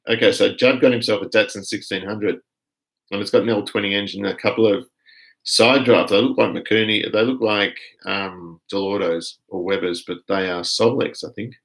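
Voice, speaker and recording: Gravelly low-voiced Australian man. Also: moderate pace, rough recording. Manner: relaxed, rambling, chatty. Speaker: live stream host reading viewer comments. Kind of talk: casual live chat.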